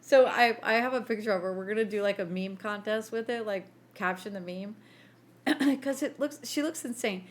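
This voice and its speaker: A woman's voice: medium pitch, moderate pace. A woman co-hosting a casual chat podcast, telling stories with lots of laughter and acted-out quotes. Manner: animated storyteller, laughs often, acts out quotes. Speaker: podcast co-host.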